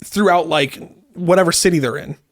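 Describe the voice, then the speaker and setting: A man co-hosts a relaxed podcast conversation, playful and quick to laugh. His voice sits a little high for a man, and he drops dry asides into the banter. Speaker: podcast co-host. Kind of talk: casual chat.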